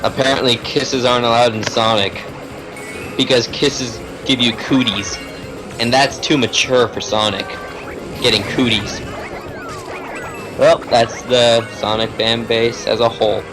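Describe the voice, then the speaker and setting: A man's voice: mid-range voice, rough recording. Slangy young-sounding man over game music. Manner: animated, slangy, quick to joke and laugh. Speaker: streamer. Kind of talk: casual gaming stream chat. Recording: game music playing behind.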